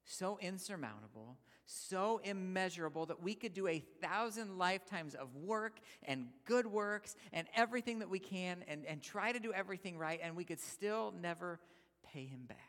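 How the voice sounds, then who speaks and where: Guy preaching a sermon, kinda high voice, pushes hard then drops to a whisper, big hall echo. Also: animated, normal speed. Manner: emphatic, builds to loud points, drops to near-whisper. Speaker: guest speaker. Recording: long hall reverb.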